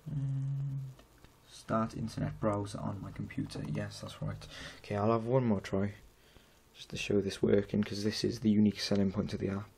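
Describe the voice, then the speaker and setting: A Welsh teenage lad casually demos an app he made at home, rambling and poking fun at himself. His voice is lowish, creaky and a little mellow, delivered completely flat at a brisk clip, with slight background noise.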